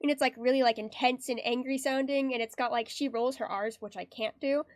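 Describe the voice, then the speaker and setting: A woman's voice: sits high, steady tone, fairly quick, dry recording. A young woman streaming her art at home, chatting casually in a bubbly, giggly way and reading her chat aloud. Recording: dry close sound with faint background music.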